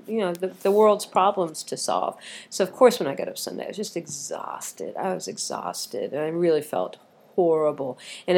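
Low-voiced chatty woman. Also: darkish tone. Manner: chatty and rambling, with many ums and restarts. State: tired with a cough. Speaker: vlogger. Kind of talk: casual chat.

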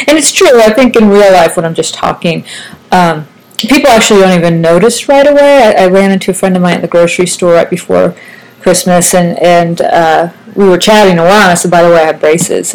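A woman's voice: fairly low pitch, normal speed, a little mellow, rough recording. Chatty woman in her forties, slight lisp. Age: 40s. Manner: chatty, rambling, self-deprecating. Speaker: vlogger. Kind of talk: casual chat.

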